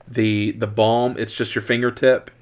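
A man hosting a casual podcast, talking in a rambling, excitable way and often correcting himself mid-sentence. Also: lowish voice, measured pace, clear, resonant tone. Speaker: podcast host.

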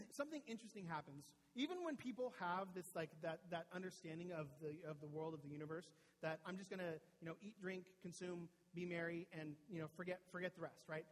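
A man's voice: high voice, a little fast, long reverb tail, poor audio. A man preaching a sermon to a church audience in a casual, conversational way, often asking "right?" and restarting words. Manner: conversational, frequent tag "right?", repeats words when restarting. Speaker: pastor. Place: church hall with a live audience.

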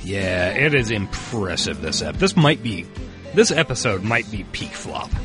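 A man co-hosts a rewatch podcast, joking and riffing over an episode. His voice leaps all over in pitch. The show's music plays underneath. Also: very animated, measured pace. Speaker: podcast co-host. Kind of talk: casual rewatch commentary.

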